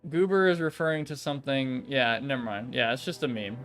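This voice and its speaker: A man's voice: medium pitch, animated, brisk, a bit bright, faint music behind. Male gaming guest, blunt profane play-by-play, mid-range voice. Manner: blunt, swearing reactions to gameplay. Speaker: streamer co-host. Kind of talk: casual reactions while gaming.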